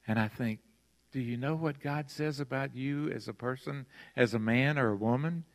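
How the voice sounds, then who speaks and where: An older man preaching a sermon as pastor, earnest and emphatic, slowing down to stress key phrases. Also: mid-range voice, vocal fry. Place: large church sanctuary. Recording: long hall reverb from a church sanctuary.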